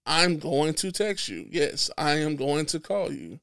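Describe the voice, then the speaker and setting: A man with a gravelly, fry-edged voice, pitched a little high for a man, holds forth in a casual podcast chat. He talks bluntly and drops profanity freely. He is emphatic and preachy, and he stumbles and restarts his phrases as he goes. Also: expressive, a little slow, fairly bright tone. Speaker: podcast guest.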